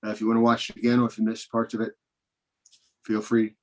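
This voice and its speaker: A man's voice: lowish voice, monotone, fast. Male comedy host, casual and rambling, stumbling restarts, video-call audio. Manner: rambling, hesitant, full of restarts. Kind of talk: casual hosting, closing remarks.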